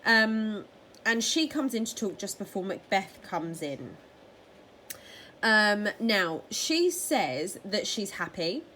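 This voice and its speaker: A woman's voice: mid-range voice, big pitch swings, slow, sharp tone, a little hiss or hum, rough recording. A woman teacher explaining a play to her students, hesitant with many fillers, asking rhetorical questions and telling them to take notes. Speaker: English teacher.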